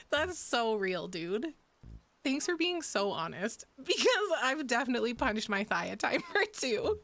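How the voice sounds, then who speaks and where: A woman's voice: on the high side, big pitch swings, measured pace, creaky, a bit bright, no room sound. Profane, laughing woman streamer chatting. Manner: candid and profane, laughs often, gasps at stories. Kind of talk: casual chat reading viewer messages.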